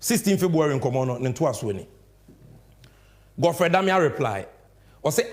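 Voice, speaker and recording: A man's voice: mid-range voice, normal speed, pauses often. A young man with a Ghanaian accent giving fiery, emphatic political commentary and addressing his audience directly. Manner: animated, emphatic, switching between English and Twi.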